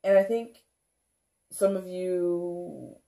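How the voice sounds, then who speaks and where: A tarot reader talks through a casual reading for viewers with a mellow, warm voice. The talk rambles, full of "like" and "kinda", with frequent laughs and playful act-outs of how viewers might feel. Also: mid-range voice, extremely slow, gravelly. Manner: laughs often, acts out viewers' reactions.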